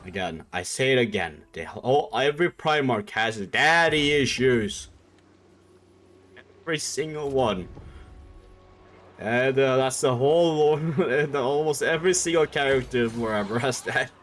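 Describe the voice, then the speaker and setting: A man's voice: mid-range voice, expressive, measured pace, a bit bright, a little hiss or hum. A man streaming and casually retelling a story in a rambling, irreverent way, with swearing and laughter.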